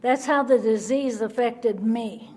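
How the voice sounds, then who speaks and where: A woman's voice: fairly high pitch, unhurried. Woman telling her recovery story. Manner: animated storytelling, acting out quoted people. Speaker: Al-Anon speaker. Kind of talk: recovery testimony at a meeting.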